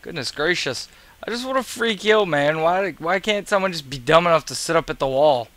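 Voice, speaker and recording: Tired male gamer with a bright, slightly high voice, recorded dry, swearing through casual gameplay commentary. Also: expressive, fairly quick, no echo. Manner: profane, grumbling, sarcastic. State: tired and yawning. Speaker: gaming video creator.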